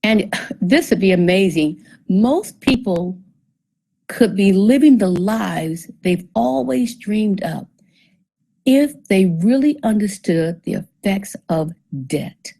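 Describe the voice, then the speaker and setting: Speaking slowly with lively intonation, this financial presenter has a medium-pitched voice that's creaky, mellow and husky. She walks her seminar audience through debt figures one step at a time, asks them questions, and slips in dry sarcasm. The audio is poor.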